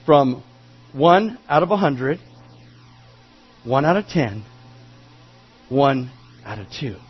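A man preaching a sermon, telling the story with animated, dramatic delivery. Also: medium pitch, takes it slowly, slightly rough, muffled recording, soft background music.

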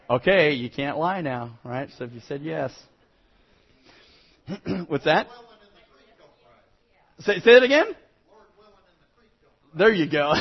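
A man's voice: a little high, expressive, measured pace, pauses often, highs cut off. A male pastor preaching a conversational sermon in a church, folksy and joking with the congregation, with fillers and repeats.

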